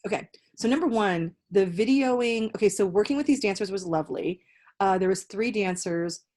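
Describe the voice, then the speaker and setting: A young woman hosting a podcast in casual chat, an animated storyteller who swears freely. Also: mid-range voice, normal speed. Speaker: podcast host.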